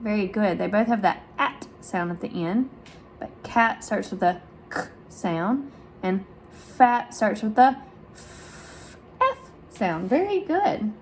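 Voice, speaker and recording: A woman's voice: expressive, a little hiss or hum. A woman speech therapist reading a picture book aloud to young children, asking questions and over-articulating sounds in a sing-song manner. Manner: slow, sing-song, with big exaggerated pitch jumps for praise; overarticulates sounds for young listeners.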